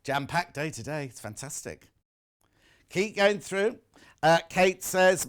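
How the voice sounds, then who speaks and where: Live in the studio, this shopping channel host is chatty and jokey, reading viewer messages aloud and mocking himself. He speaks at normal speed in an expressive, fairly high voice.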